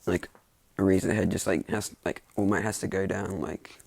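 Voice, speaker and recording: Casual male storyteller, deep-ish and very gravelly, husky, rambling with constant fillers. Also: steady tone, normal speed, darkish tone, dry recording. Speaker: fan fiction storyteller.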